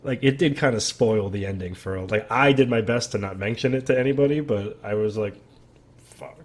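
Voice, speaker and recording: A man hosting a casual reaction vlog, rambling and swearing as he tells an animated story. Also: lowish voice, fairly quick. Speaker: host.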